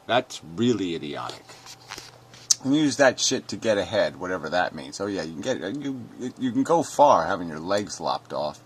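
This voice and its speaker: A man ranting angrily and profanely as he reads comments aloud, mocking them in sneering voices and swinging between shouts and mutters. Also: lowish voice, very animated, moderate pace, slightly rough. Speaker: video commentator. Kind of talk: angry rant reading comments aloud.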